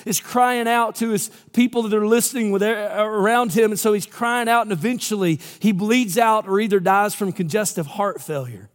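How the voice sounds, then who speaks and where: Male pastor, high voice, dramatic preaching style, church sanctuary with long reverb. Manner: dramatic storytelling, drops to a low hush for emphasis. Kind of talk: sermon.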